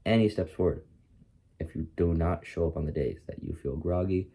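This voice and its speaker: A young man in his twenties gives a rambling, profane pep talk to the camera, full of slang fillers. He sounds groggy and tired. His voice is low and mellow, with a husky edge. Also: normal speed. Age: 20s. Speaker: content creator. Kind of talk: casual motivational vlog.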